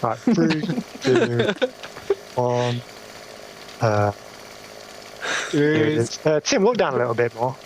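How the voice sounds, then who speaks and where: Guy wrangling people for a group pic, bouncy lively voice, laughing, faint hiss behind. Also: mid-range voice, takes it slowly, pauses often, low-quality recording. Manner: bossy, laughing, directing people. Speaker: photographer directing a group shot.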